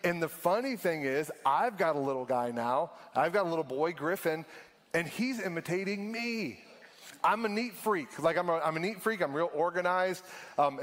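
Man, pastor, sermon, fairly high voice, casual storytelling, long hall reverb. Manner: casual storytelling with slow emphasis.

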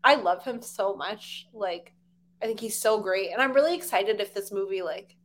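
A woman's voice: mid-range voice, moderate pace. A young woman in casual chat as a podcast co-host, chatty with lots of fillers.

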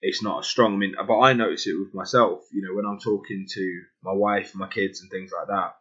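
Husky-voiced London man chatting. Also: low-pitched, fairly even intonation, fairly quick, fairly bright tone. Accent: London English. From England. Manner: chatty, hesitant, many restarts. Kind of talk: casual chat. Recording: dull lo-fi audio.

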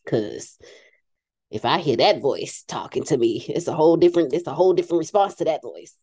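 A woman hosting a casual talk show, laughing often and dropping into quiet asides. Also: deep voice, fairly quick, husky. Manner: animated, laughs often, drops to a hushed aside. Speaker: host. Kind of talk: casual chat.

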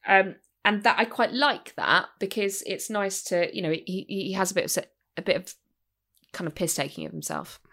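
A woman co-hosting a podcast in casual chat, animated and swearing freely, often restarting her sentences. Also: medium pitch, normal speed, creaky. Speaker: podcast co-host.

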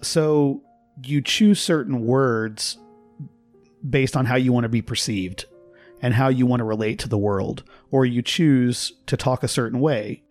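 Measured man explaining on a podcast. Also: medium pitch, darkish tone, faint music behind. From Texas. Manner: explanatory, measured, laughs at his own examples. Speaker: podcast guest, linguist. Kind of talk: casual conversation.

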